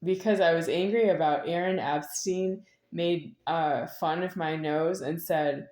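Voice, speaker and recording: Middle-aged woman, very low voice, rambling and repetitive delivery, echoey room. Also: steady tone, unhurried, a little mellow. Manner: meandering, repetitive, with sudden laughs. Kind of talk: rambling spoken monologue.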